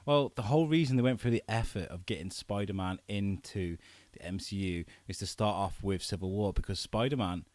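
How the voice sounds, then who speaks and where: A man talking as a guest on a podcast, telling stories in an animated way, acting out quotes and swearing freely. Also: on the low side, brisk, dry recording. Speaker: filmmaker guest. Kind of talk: casual podcast chat.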